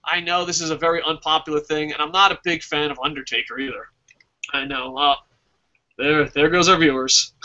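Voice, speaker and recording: A man hosting a casual wrestling review podcast, talking excitably with lots of swearing and reading out live chat comments. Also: fairly high pitch, fairly quick. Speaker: podcast host. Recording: dull lo-fi podcast audio.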